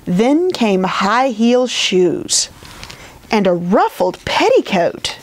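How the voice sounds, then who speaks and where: A woman librarian reading a picture book aloud in a gentle, expressive storytelling manner. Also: mid-range voice, slow, noisy background.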